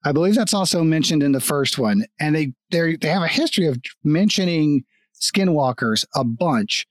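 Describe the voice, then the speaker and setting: A man's voice: on the high side, lively intonation, normal speed, dry recording. Profane man recapping an episode, dry sound. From Kansas. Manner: loose, profane, laughs while talking. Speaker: podcast co-host. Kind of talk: casual chat recapping a TV episode.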